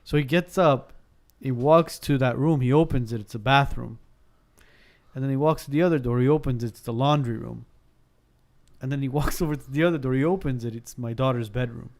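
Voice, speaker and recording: A man in his thirties, mid-range in voice and a little fast, narrates a ghost story in casual podcast chat. He's lively, voicing the dialogue himself and restarting sentences again and again.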